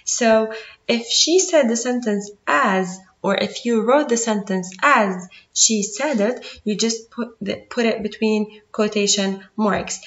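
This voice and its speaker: A woman teaching an English grammar lesson over a screen recording, patiently counting off each point. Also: mid-range voice. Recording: roomy, dull lo-fi audio.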